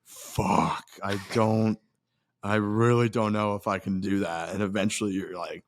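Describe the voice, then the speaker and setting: A young man with a lowish voice recorded close and dry, joking through a friend's story on a podcast. He keeps up an easy, teasing banter. His delivery is casual and loose. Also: level tone, measured pace, no echo. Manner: laughing, jokey retelling. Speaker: podcast co-host. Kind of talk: casual chat.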